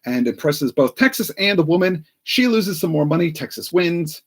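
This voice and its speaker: Wry male co-host on a live stream, husky and animated. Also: fairly high pitch, normal speed. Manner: wry plot recapping. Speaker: co-host recapping the plot. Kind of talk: live watch-along chat.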